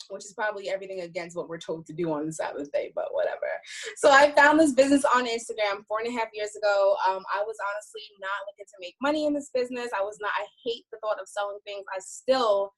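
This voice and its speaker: Brief: woman with a New York accent, rapid and effusive, slightly high voice, video call. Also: rough recording. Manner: talks very fast, animated and effusive. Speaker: guest speaker. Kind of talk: casual motivational talk on a video call.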